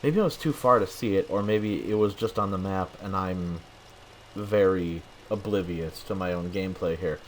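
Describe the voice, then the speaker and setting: A tired young man talking through his own tank game in a flat, monotone commentary, swearing now and then. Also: low voice, moderate pace, slight background noise. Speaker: gameplay commentator. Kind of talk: gameplay commentary.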